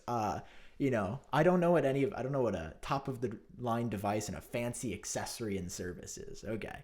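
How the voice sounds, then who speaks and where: A man vlogging to camera in a mock-outraged, sarcastic commentary, theatrical and swinging between loud jabs and muttered asides. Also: mid-range voice, lively intonation, fairly quick. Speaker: tech vlogger.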